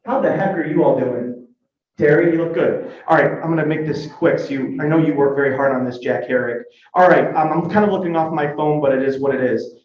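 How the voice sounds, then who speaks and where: A man emceeing a club meeting in a casual, joking, upbeat way, quizzing the crowd as he goes. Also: fairly high pitch. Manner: chatty, joking, upbeat, asks the crowd questions. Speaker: club member giving history segment. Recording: echoey room, dull lo-fi sound.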